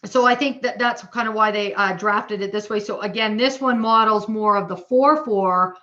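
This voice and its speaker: A woman with a Canadian accent teaching a drumming workshop online, chatty and casual, counting beats out loud. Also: medium pitch, normal speed, lo-fi sound.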